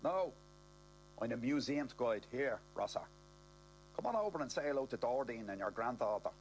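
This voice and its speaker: A man's voice: medium pitch, expressive, normal speed, slight background noise, close to an everyday voice. A man voicing a cheery working-class older man with a Dublin accent, eager to please.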